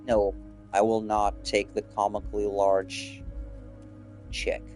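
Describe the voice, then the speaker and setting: A man's voice: on the low side, completely flat delivery, slow, darkish tone, faint music behind. A young man streaming a game, chatting casually and rambling with fillers. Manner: laid-back, rambling with fillers.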